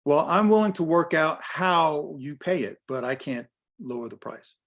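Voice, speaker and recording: A man's voice: on the high side, lively intonation, normal speed, a bit bright. A man in his sixties giving a workshop as a business coach, emphatic and direct, repeating his key phrases. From United States. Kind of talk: workshop talk on pricing.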